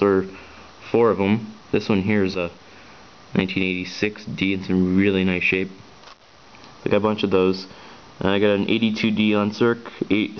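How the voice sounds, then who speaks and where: A man with a fairly low voice talks through his finds in a loose, show-and-tell manner. He hesitates often, filling gaps with ums and restarting his sentences, and hurries along. The camera audio is dull and lo-fi, with faint noise behind him. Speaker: coin collector vlogger. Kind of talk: casual show-and-tell vlog.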